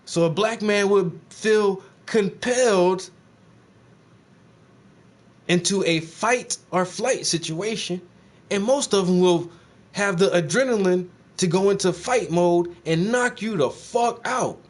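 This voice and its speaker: Male live streamer, slightly higher voice, blunt and animated, swears freely, rhetorical questioning. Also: slow pace. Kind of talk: casual live-stream chat.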